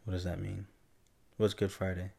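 A man's voice: low-pitched, completely flat delivery, moderate pace, vocal fry, mellow, slightly rough. A man co-hosting a casual podcast who teases his partner and asks lots of questions. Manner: teasing, asks a lot of questions. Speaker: podcast co-host. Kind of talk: casual chat.

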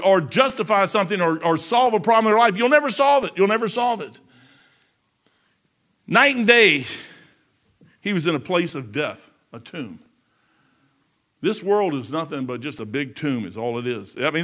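A man delivers a sermon in a homespun, forceful style, moving back and forth between loud bursts and quiet, low stretches.

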